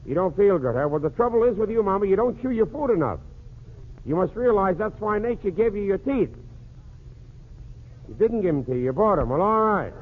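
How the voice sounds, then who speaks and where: A man hosts a 1940s radio comedy show, cracking jokes through a one-sided phone call. His voice sits high, with lively intonation and a fairly quick pace. The recording sounds like a tinny old radio broadcast with faint hiss.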